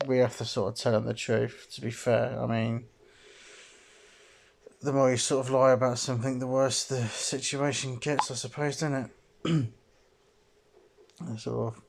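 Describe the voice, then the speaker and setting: A man's voice: medium pitch, little pitch movement, normal speed, vocal fry, pauses often, background noise. A man commenting on a video game he is playing, reacting under his breath and hedging with lots of "sort of" and "I suppose". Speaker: gamer. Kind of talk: let's play commentary.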